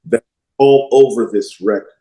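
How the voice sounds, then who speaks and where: A man co-hosting a casual music discussion podcast, emphatic and animated. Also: medium pitch, normal speed. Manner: animated, emphatic, quotes lyrics with relish. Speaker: podcast co-host. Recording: roomy echo.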